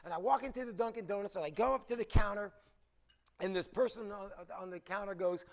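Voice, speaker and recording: A man with a high voice gives a lively conference talk. He tells a story in an animated way, throwing questions out to the audience as he goes. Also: a little fast, vocal fry. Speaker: conference speaker. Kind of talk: storytelling presentation.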